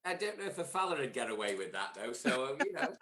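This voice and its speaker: A man hosting a podcast, chatting with guests in quick, jokey banter. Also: medium pitch, very animated, bright, forceful tone. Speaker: podcast host. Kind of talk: casual on-the-floor interviews. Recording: echoey hall.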